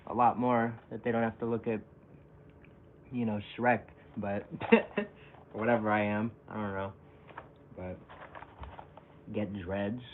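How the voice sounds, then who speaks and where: A man's voice: fairly low pitch, level tone, a little slow, long pauses. A young man streaming live, rambling casually and self-mockingly while reacting to chat comments, often chuckling. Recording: tinny phone-like audio with faint hiss.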